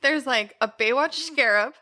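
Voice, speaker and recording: A woman co-hosting a podcast, recapping a TV show in casual chat, playful and quick to laugh. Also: high-pitched, pushed and bright, dry recording. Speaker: podcast co-host.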